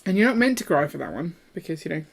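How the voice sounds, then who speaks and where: Chatty woman, slightly low voice. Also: big pitch swings, fast, creaky, slight background noise. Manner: chatty and playful, breaks into song. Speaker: host of a live building stream. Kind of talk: casual chat while building.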